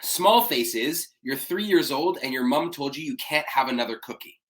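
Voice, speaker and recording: A man leading a public speaking warm-up workshop, coaching breathing and voice exercises with an energetic manner and a slightly cracking voice. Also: mid-range voice, moderate pace. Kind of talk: live-streamed warm-up workshop.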